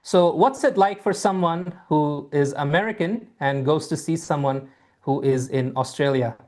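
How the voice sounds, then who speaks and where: An IELTS teacher in an online lesson talks students through the material. The delivery is repetitive and reassuring, full of ums and restarts, at a middling pitch. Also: normal speed, darkish tone.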